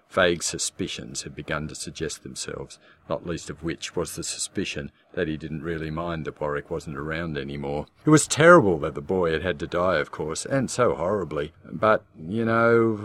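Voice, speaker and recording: A man in scripted audiobook narration with a measured, darkly wry storytelling manner. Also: very deep voice.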